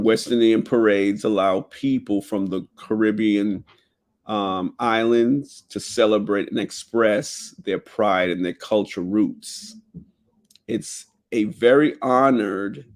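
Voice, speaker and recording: A man with a Jamaican accent and a fairly low voice reads through his notes as the host of a casual talk show. He keeps dropping into relaxed, chatty asides between the headings. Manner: reads headings aloud, drifts into loose asides. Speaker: podcast host.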